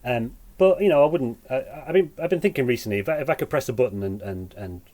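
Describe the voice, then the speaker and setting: A man from England, a musician and teacher, talking as a podcast guest in a casual interview, halting and repeating words as he thinks aloud. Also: mid-range voice, lively intonation, warm tone.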